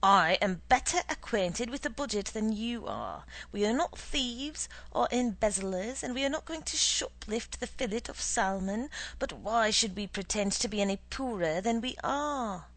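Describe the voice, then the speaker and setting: Blustering male boss, pompous and lecturing, high-pitched and gravelly, as a woman reader puts him on. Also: very animated, moderate pace, few pauses, a bit bright, full character voice. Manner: indignant, lecturing, theatrical.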